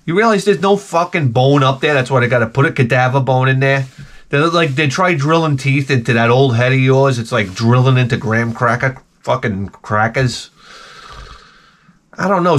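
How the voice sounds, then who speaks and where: Man, New York accent, exasperated comic rant, sarcastic, swears a lot, mid-pitched voice. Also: normal speed, a bit bright. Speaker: retro game channel host.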